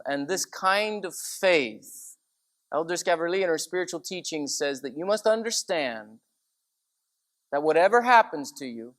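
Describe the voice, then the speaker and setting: A male priest giving a sermon talk, telling stories in a conversational, lively way. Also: on the high side. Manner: conversational, animated when quoting. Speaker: Orthodox priest.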